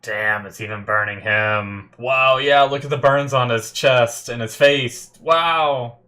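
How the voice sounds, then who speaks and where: A man thinks out loud as he watches an anime episode, with sudden exclamations and teary, emotional moments. His voice is bright and a little tense, and he talks at an unhurried pace, close to a desk mic. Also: medium pitch. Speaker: anime reaction host. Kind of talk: live reaction commentary.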